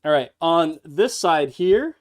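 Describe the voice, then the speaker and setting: A man with a fairly high-pitched voice gives a casual livestream showcase of a custom fightstick build. He is upbeat and chatty and talks straight to his viewers. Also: animated, takes it slowly.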